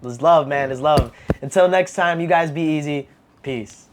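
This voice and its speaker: Easygoing young podcast host, slightly high voice. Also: male voice, moderate pace. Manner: easygoing, affirming, with frequent fillers. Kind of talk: casual podcast conversation.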